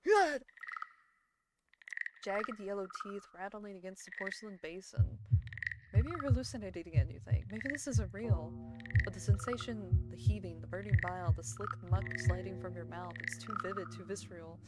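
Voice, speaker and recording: Young woman streamer, dramatic horror narration, loud game music behind. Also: mid-range voice, a little fast. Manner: dramatic narration broken by giggles and reactions. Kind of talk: reading a horror visual novel aloud.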